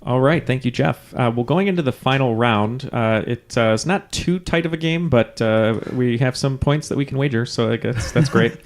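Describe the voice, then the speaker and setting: A man with a gravelly, creaky voice at an average pitch, keeping score on a trivia podcast. He talks loosely, cracks jokes, and fills his sentences with "uh" and "um". It sounds like casual, unscripted banter. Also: normal speed, hardly any pauses. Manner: loose, joking, lots of filler.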